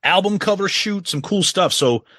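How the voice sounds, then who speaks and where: Male podcast co-host, bright husky tone, quick agreeing interjections. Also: high voice, expressive, no echo, clean studio sound. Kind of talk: casual podcast chat.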